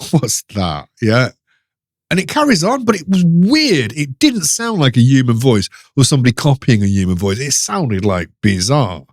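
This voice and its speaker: A middle-aged man telling a ghost story in an interview, animated, laughing often and restarting his sentences. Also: fairly high pitch. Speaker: guest storyteller.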